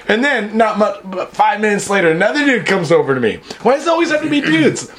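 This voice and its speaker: A man's voice: high-pitched, very animated, fast talker, few pauses, fairly bright tone. A man co-hosting a podcast, telling crude rambling stories in casual profane banter. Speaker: podcast co-host.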